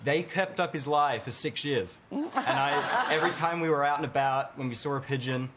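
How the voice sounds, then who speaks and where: A man's voice: a little high, lively intonation, normal speed, heavy background noise. Young man from Australia spinning a story. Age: young adult. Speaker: audience member telling a story. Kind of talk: casual anecdote. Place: TV studio audience.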